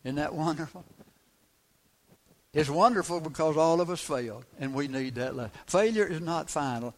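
A man's voice: on the high side, normal speed. A man preaching a sermon, emphatic, repeating key phrases and asking the congregation rhetorical questions.

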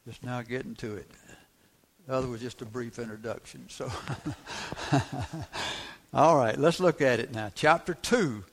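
A man's voice: mid-range voice, a little slow, vocal fry, long pauses. A man preaching a sermon, emphatic, repeating key phrases and asking the congregation rhetorical questions.

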